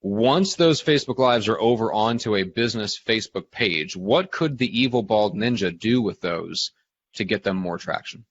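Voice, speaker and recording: A man's voice: lowish voice, animated, moderate pace, husky, dry recording, lo-fi sound. Dry, teasing male podcast host. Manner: dry teasing, steers the talk. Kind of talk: casual chat.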